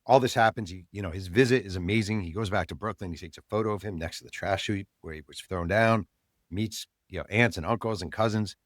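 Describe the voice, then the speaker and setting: A man, an author guest on an interview show, telling a story in animated fashion and acting out the people he quotes. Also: low-pitched, fast talker, no room sound, studio quality.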